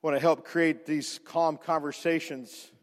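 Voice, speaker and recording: A man pastor telling a personal story in a sermon, animated, with frequent restarts and repeated words. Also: fairly high pitch, a little slow, long reverb tail.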